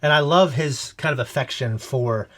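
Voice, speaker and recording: A man's voice: medium pitch, moderate pace. A man co-hosting a reaction show, chatting casually and telling rambling stories full of restarts. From Philippines heritage. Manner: rambling, animated storytelling with restarts. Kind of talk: casual chat.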